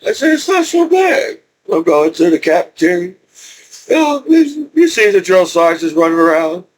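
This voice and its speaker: High-voiced man rambling through a story. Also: sing-song, moderate pace, slight background noise. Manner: rambling, repeats and restarts, laughs often. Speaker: veteran telling his story. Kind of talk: casual storytelling.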